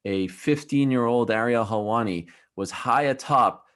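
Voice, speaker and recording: A man's voice: medium pitch, unhurried, a bit bright. A man in his thirties hosting a casual chat, enthusiastic and steering the talk with questions and anecdotes. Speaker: host, journalist.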